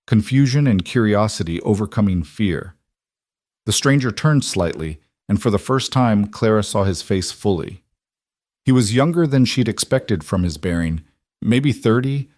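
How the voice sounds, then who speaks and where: A man narrating a western story in a steady, dramatic storytelling manner. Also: lowish voice, dry recording, clean studio sound.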